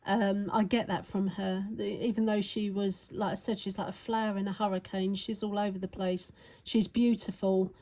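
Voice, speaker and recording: A woman reads tarot cards aloud in a loose, chatty ramble, full of fillers and questions tossed back at the listener. Her voice is low in brightness and mellow, with a gravelly fry running through it. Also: level tone, normal speed, few pauses, low-quality recording. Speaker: tarot reader. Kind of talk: casual tarot reading to camera.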